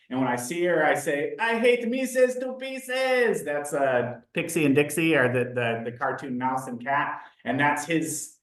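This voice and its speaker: A man leading a live online training, animated and chatty, often asking the audience questions. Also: a little high.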